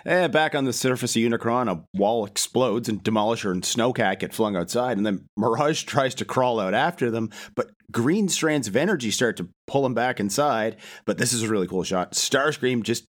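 A man's voice: medium pitch, expressive, moderate pace, hardly any pauses. A man chatting on a podcast as co-host, summarizing the story beat by beat. His delivery is dry, with sarcastic jabs at the plot. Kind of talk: casual recap chat.

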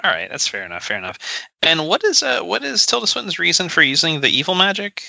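A man's voice: high-pitched, wildly swooping pitch, quick pace, creaky, sharp tone, dry recording. A man co-hosting a podcast, talking in a casual, joking and sarcastic way, rambling with many fillers. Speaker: podcast co-host. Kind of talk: casual chat. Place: podcast recording session.

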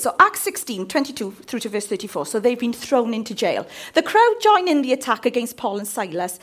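Animated woman preaching a sermon. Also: high-pitched. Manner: animated, asks the congregation for responses. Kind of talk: sermon with Bible reading. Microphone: handheld mic.

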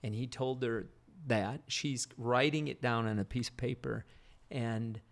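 A man telling a faith testimony in an earnest, steady storytelling way. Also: mid-range voice, a little slow, creaky.

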